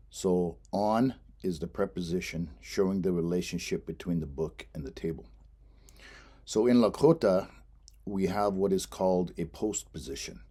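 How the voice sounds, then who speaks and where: A man's voice: sits low, dark tone. A man teaching a language lesson, explaining patiently and repeating each word for pronunciation. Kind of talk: instructional lesson narration.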